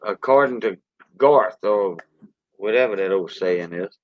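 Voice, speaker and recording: A man's voice: on the low side, a little slow, no room sound. Older Cajun man, folksy drawl. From South Louisiana. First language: Cajun French. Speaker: host. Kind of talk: casual livestream chat. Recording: dull dry lo-fi sound.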